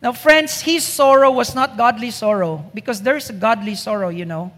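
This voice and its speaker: A man with a very high, fairly bright voice preaches to a congregation at a moderate pace. He is emphatic, hammering points home with repeated rhetorical questions, and the hall adds long reverb.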